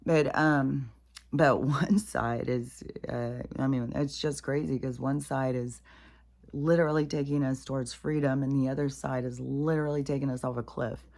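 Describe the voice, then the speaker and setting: A woman with a low voice rants in casual, exasperated talk. She swears freely, drops to muttered asides and then flares into loud outbursts. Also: fairly even intonation, normal speed. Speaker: commentator. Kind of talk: casual rant to camera.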